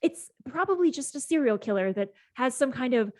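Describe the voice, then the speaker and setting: A woman's voice: a little high, animated, measured pace, no room sound, studio quality. A woman voicing a huffy, defensive male debunker in a bathrobe during a tabletop game.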